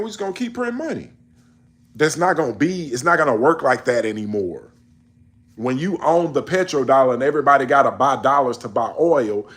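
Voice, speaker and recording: A man in a casual monologue on world events, emphatic and preachy, scolding his listeners in slangy speech. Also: medium pitch. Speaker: commentator.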